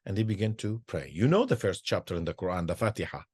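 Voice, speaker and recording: Older halting man, husky. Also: low-pitched, expressive, darkish tone, no echo. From Israel. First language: Arabic. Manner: halting, with many repeated words and restarts. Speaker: Sufi sheikh and peacemaker. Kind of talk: personal storytelling talk.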